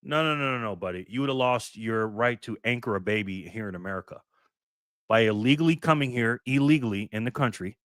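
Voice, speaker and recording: A man's voice: medium pitch, fairly quick, a bit bright, no room sound, studio quality. Blunt, profane man hosting a live stream. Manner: blunt, profane, ranting commentary; thanks viewers for donations by name. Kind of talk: casual reaction live stream.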